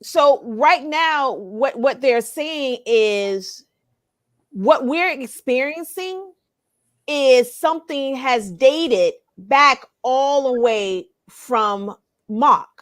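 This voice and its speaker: Slow, halting Southern woman explaining. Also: sits high, animated. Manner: halting, with many fillers and restarts. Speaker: guest presenter. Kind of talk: casual explanatory talk.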